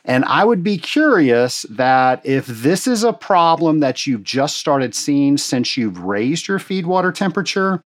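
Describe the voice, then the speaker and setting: A man talks through a technical problem in a relaxed, folksy teaching manner, explaining each step plainly and calling his listeners folks. His voice sits at an ordinary middle pitch for a man. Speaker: water treatment instructor answering a listener question. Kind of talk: casual instructional talk. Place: Atlanta.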